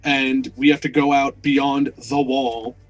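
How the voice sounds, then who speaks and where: A man hosting a casual podcast, excitable and swearing freely, laughing often. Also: medium pitch, slow, soft background music. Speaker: podcast host. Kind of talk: casual chat.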